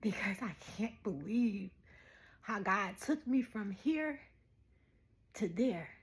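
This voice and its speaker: A woman in her thirties talking straight to her viewers in a casual spiritual message, animated and preachy, laughing often. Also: medium pitch, slow pace. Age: 30s. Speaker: spiritual vlogger.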